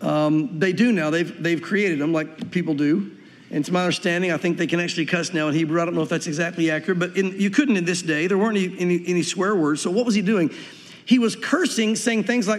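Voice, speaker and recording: A man with a light Southern US accent preaches in a high, bright voice, talking fast and acting out the voices he quotes. His words ring out with a long echo, as if spoken in a large church hall. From Tennessee, US. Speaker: pastor. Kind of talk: sermon.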